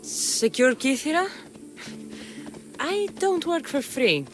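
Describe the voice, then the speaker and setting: A woman's voice: high voice, big pitch swings, slow pace, heavily acted. A woman voicing a blunt mercenary warrior in a video game, speaking in a curt, businesslike, commanding way. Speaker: game protagonist. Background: game music.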